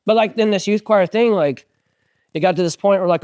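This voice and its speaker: In a casual interview with no echo on the recording, a middle-aged musician speaks briskly in a smooth voice that sits high. He spins an animated story, packed with fillers and quotes he acts out.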